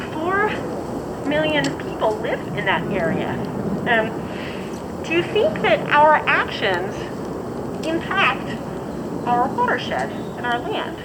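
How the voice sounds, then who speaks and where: A woman's voice: high voice, heavy background noise. A woman educator guiding students through a map activity, asking questions and giving instructions. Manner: clear, guiding, asks questions. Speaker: station educator. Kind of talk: classroom lesson with students.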